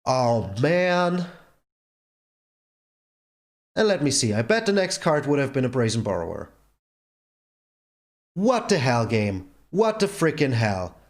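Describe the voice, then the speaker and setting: A man's voice: medium pitch, sing-song, slow, long pauses. A man hosting his own gameplay channel, commenting on a card game in an exasperated rant that keeps repeating itself. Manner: exasperated ranting, repeats himself. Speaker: channel host.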